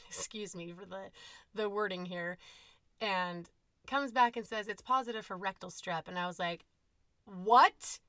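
30s mom rambling thru a family story on her podcast, candid and lively, crisp bright voice, dead dry room. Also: mid-range voice, no echo. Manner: candid, animated, quotes herself in asides. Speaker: podcast host, mother of eight. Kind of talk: casual personal storytelling.

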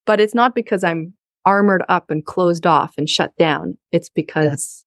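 Young woman, frank, emphatic, slightly low voice, dry close sound. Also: a little slow, no room sound. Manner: frank, emphatic, openly explicit. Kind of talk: candid conversational talk.

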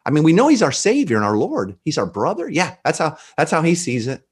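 A man talking about faith in a relaxed interview, animated and preachy, often quoting scripture and acting out dialogue. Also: a little high, brisk, husky. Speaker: pastor guest. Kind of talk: conversational podcast interview.

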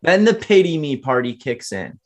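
A man's voice: a little high, very animated, moderate pace. A man in his twenties, a podcast guest, telling his life story in an earnest, motivational way and often turning to the listeners directly. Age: 20s. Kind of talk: candid storytelling interview.

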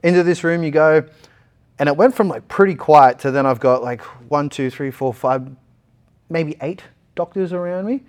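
A young Australian man, a guest in a casual interview, tells a long personal story and animatedly acts out the lines of the people in it. His voice is fairly high and clean-toned, at a normal speed.

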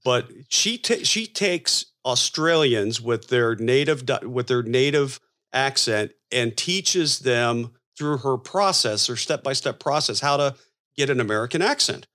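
A man's voice: mid-range voice, expressive, measured pace, pushed and bright. A man co-hosting a podcast, telling stories in a rambling, casual way. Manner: rambling storyteller with many fillers and restarts. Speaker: podcast co-host.

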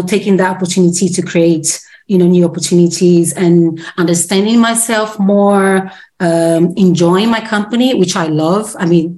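Woman gushing about being grateful, a little shaky voice, lower-ish pitch, says very very very a lot. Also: a little mellow. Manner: repetitive, emphatic, laughs between phrases. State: emotional, slightly quivering. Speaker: community member sharing gratitude. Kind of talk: casual heartfelt share.

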